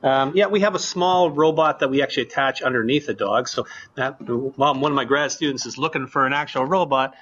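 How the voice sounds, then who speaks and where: A man explaining his research in a lab during an interview, relaxed, with lots of fillers. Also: medium pitch, brisk, lo-fi sound, a little hiss or hum.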